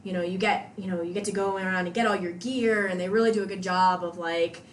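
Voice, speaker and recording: Woman, podcast guest, casual animated storytelling, mid pitch, roomy echo, faint background noise. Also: quick pace. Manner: animated, acts out quoted exchanges. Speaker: podcast guest, CrossFit athlete.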